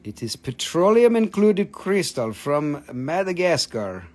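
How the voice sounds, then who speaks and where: A man's voice: a little high, big pitch swings, unhurried, darkish tone. Swearing, joking man selling rocks live. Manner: joking, blunt, swears freely, non-native phrasing. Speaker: live-stream seller of minerals. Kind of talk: casual live sales stream.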